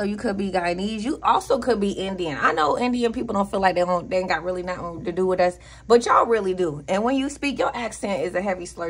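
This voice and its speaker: A woman's voice: on the low side, slight background noise. A woman with a Southern US accent giving a casual tarot reading, blunt and profane, with preachy asides. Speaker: tarot reader.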